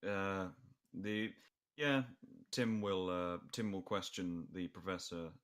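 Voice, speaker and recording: Deep-voiced male game master. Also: steady tone, a bit bright, smooth. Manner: halting, many fillers. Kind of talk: narrating a tabletop game.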